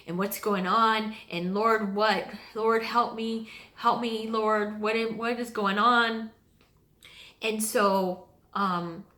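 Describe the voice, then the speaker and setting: A woman vlogger sharing a personal faith testimony from her home basement, earnest and halting, with many pauses and restarts. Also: medium pitch, a bit bright. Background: washing machine running.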